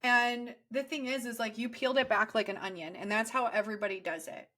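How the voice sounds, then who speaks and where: A woman's voice: on the high side, fairly even intonation, brisk, sharp tone. A woman hosting a casual interview, affirming her guest and speaking of spiritual guides. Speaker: host.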